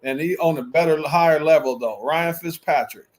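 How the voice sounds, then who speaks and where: A man's voice: a little high, normal speed. A man co-hosting a sports talk show, arguing football picks in an emphatic, conversational way. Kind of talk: casual sports debate.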